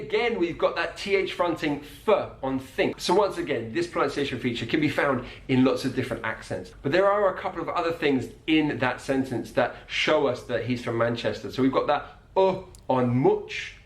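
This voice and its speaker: A man teaching about accents, explaining clearly and repeating words to show how they sound. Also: medium pitch, expressive, moderate pace, few pauses. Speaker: accent coach. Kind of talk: explanatory video lesson. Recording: roomy echo.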